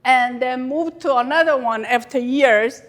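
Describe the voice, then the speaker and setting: A high-voiced Korean woman lectures a club audience in a chatty, animated way. Her English has a Korean accent and loose, non-native grammar. She sounds warm and talkative while she walks through her slides. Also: unhurried. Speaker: guest lecturer.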